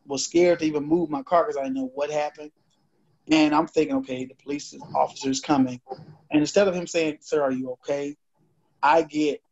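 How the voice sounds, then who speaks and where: This man co-hosts a podcast and relates a personal story in a casual, animated way, voicing the dialogue as he goes. He has a gravelly voice on the high side, recorded in dull lo-fi podcast quality.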